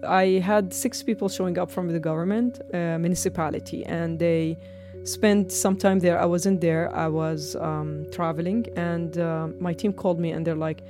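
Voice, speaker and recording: A woman's voice: lowish voice, moderate pace, over music. A woman from Jordan in her thirties, telling personal stories in an interview and acting out the dialogue in them. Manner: animated, acts out dialogue, frequent laughs. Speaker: martial arts studio founder.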